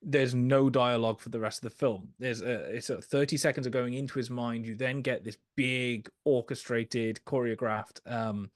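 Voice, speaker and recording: A man's voice: mid-range voice, steady tone, moderate pace, hardly any pauses, dry recording, clean studio sound. A man casually talking through an old musical film as a podcast co-host, hesitant, with many fillers and restarts. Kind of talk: casual film review chat.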